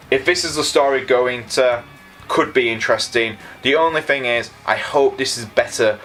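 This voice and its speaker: A man's voice: on the low side, a bit bright. A man giving a casual spoken review, rambling and blunt, with frequent restarts and stumbles. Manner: blunt, opinionated. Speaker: wrestling show reviewer.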